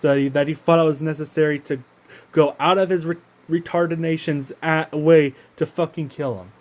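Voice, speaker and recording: On his own channel, a man from Canada gives a casual rant to camera, indignant and profane, with frequent halts and restarted sentences. He speaks at a moderate pace in a somewhat high voice with fairly even intonation.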